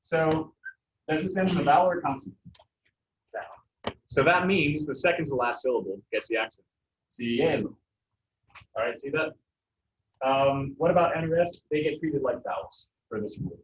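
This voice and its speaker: A man with a slightly high, animated voice teaches a class Spanish pronunciation at a normal pace, explaining casually with plenty of fillers. The classroom recording sounds echoey, distant, and dull, with slight background noise.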